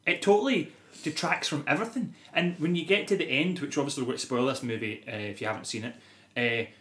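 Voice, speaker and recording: A man's voice: fast, fairly bright tone. Guy in his twenties, loose and sweary film-chat co-host, recorded in a roomy space. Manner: sweary, laughing, acts out quotes in shrill voices. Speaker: podcast co-host. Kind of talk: casual chat.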